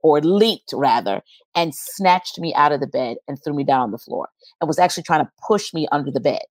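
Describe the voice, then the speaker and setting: A woman with a low-pitched voice recounts a personal experience in an earnest, storytelling way. The sound is dry and close, with no room around it. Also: lively intonation, a little fast, dry recording. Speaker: guest. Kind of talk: personal testimony in an interview.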